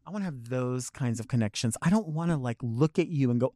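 Animated, foul-mouthed drag performer chatting. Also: male voice, mid-range voice, fast, few pauses, no echo, clean studio sound. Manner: animated storytelling, acts out quotes, swears freely. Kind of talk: casual podcast chat.

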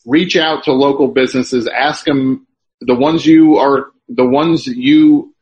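Rambling, halting man hosting a chat. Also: mid-range voice, fairly even intonation, darkish tone, slightly rough. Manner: rambling, halting storyteller with many restarts. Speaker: radio show host. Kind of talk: casual chat. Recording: dull, lo-fi sound.

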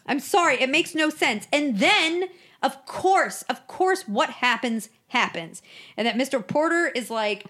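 A woman co-hosting a casual chat podcast, excitable and quick to act out the scenes she loves. Her voice sits a little high. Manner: excitable, acts out lines from the show. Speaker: podcast co-host. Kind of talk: casual chat recapping a sitcom episode.

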